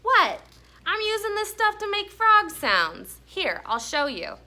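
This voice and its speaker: Brief: eager storybook little boy, high and loud, bright sound, put on by a woman reader. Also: huge pitch swings, slow, a little hiss or hum, heavily acted. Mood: excited. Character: excited little boy showing off frog sounds.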